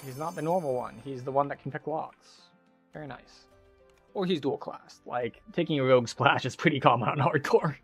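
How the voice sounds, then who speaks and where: A man's voice: medium pitch, moderate pace, fairly bright tone, breathy edge, faint music behind. A man casually commenting while he plays a game, rambling with lots of filler words. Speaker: game streamer.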